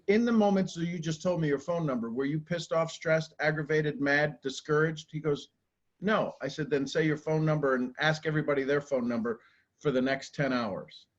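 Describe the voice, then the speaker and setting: A man giving a live talk to a group, animated and casual, acting out quoted voices and swearing now and then. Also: on the high side, muffled recording. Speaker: motivational speaker.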